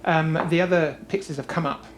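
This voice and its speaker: A woman's voice: low-pitched, fairly even intonation, fairly quick, background noise. A woman narrating as game master in a casual, rambling way with many fillers.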